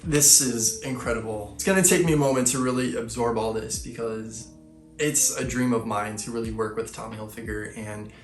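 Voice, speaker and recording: A man filming an excited unboxing vlog, gushing and effusive, heaping on superlatives. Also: mid-range voice, normal speed. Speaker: fashion vlogger. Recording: roomy echo, faint background music.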